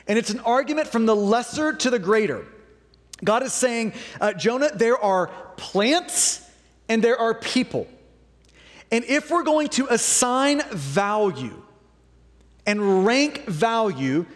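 High-voiced preacher in a reverberant hall. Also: male voice. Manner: animated, acts out quoted voices. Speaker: pastor. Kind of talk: sermon. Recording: long reverb of a large hall.

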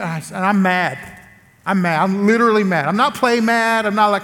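A man preaching as a guest speaker, telling a story animatedly and acting out the quotes. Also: fairly quick. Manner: animated, acts out quotes with big swings in pitch. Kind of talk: storytelling sermon. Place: large church hall. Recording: long church hall reverb.

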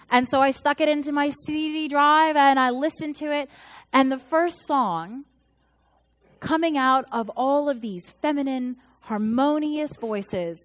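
A woman's voice: sits high, expressive, measured pace. A woman in her thirties, a pastor, preaching a sermon in a storytelling way and acting out the voices she quotes. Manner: storytelling, acts out quoted voices with shifts in loudness.

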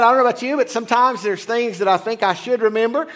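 A man's voice: very high voice, quick pace, fairly bright tone. A pastor in his forties giving a casual, joking sermon in church. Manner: chatty, joking asides. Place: church sanctuary.

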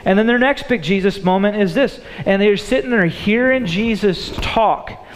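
A man preaching a sermon in an animated way, acting out the thoughts of the people in his story. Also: sits high, moderate pace. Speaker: pastor. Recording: long hall reverb.

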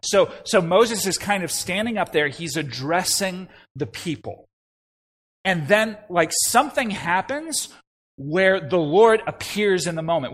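Animated young man preaching a sermon. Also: on the high side. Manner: animated, talks in restarts and asides. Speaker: pastor.

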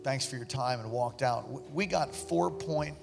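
Gravelly man preaching in a church hall. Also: mid-range voice, normal speed. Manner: animated, bursts into loud exclamations. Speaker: pastor. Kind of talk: sermon storytelling during an offering. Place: large church sanctuary. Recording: echoey church hall with music. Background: instrumental music.

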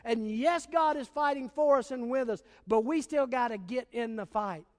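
A man's voice: extremely high pitch, normal speed, big-room sound. A man preaching a sermon as pastor, telling stories in a casual, emphatic way.

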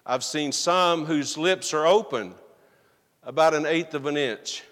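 A pastor preaches an earnest, emphatic sermon in a church sanctuary, often posing rhetorical questions to the congregation. His voice is a little high and a bit bright, at a measured pace, and the recording carries a long hall reverb.

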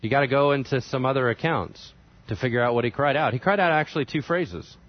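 A man preaching a sermon, retelling scripture with animated storytelling and conversational asides. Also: medium pitch, fast talker. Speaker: pastor. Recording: dry, slightly dull sound.

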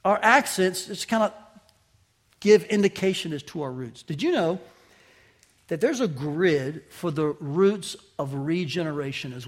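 A middle-aged man, a pastor from the Southeastern United States with a faint Southern accent, preaching a sermon through animated stories and self-mocking humor. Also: on the high side.

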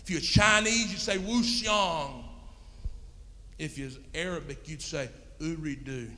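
A man's voice: fairly high pitch, animated, brisk, sharp tone. A man preaching a sermon, telling a story in a folksy, plain-spoken way. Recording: long reverb in a hall.

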